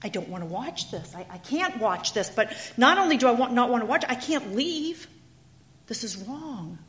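A man's voice: extremely high pitch, sing-song, moderate pace, fairly bright tone, voice pushed up, heavily acted. A woman preacher voicing a small, frail monk who pleads in distress and cries out in defiance, within a sermon story. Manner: pleading, then crying out.

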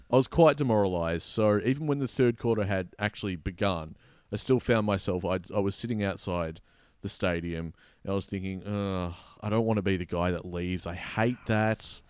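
An Australian man co-hosting a casual football podcast, telling stories with animated mock outrage. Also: fairly low pitch, clean tone, dry recording, studio quality. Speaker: podcast co-host. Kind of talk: casual footy podcast chat.

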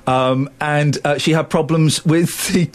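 A man's voice: a little high, steady tone, a little slow. A man presenting a radio show in casual banter, repeatedly breaking into helpless giggles. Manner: giggly, keeps breaking into laughter. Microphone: studio microphone.

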